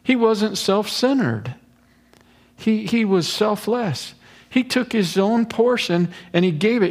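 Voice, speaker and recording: A man's voice: high voice, lively intonation, slow pace. A male pastor preaching an expository sermon in an earnest, conversational way with casual asides.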